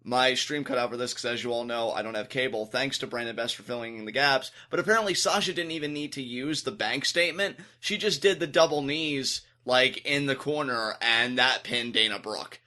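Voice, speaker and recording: A man co-hosting a podcast, talking through a wrestling show in casual, animated chat. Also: mid-range voice, fairly quick, hardly any pauses. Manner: animated, acts out quotes in exaggerated voices. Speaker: podcast co-host.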